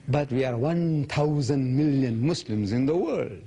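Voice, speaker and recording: A man's voice: medium pitch, unhurried. A man in his seventies answering audience questions at a public lecture, telling stories and acting out other people's lines. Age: 70s. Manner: animated storytelling, quoting others in raised voice.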